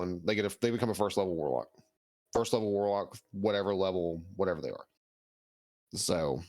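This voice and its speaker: A man's voice: fairly low pitch, darkish tone, dry recording. A man working as dungeon master, explaining rules and narrating scenes in a casual, rambling way. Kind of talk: narrating a tabletop game.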